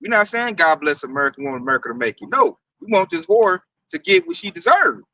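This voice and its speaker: Excitable high-voiced man, mic distant. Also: fast talker. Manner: excitable, acts out quoted exchanges. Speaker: participant in a group discussion. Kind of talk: casual animated talk.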